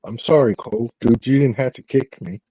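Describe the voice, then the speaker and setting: A man's voice: mid-range voice, brisk, breathy edge, dry recording. A man hosting a casual group chat over an online call, laid-back and putting questions to the group. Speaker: host. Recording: dull lo-fi call audio.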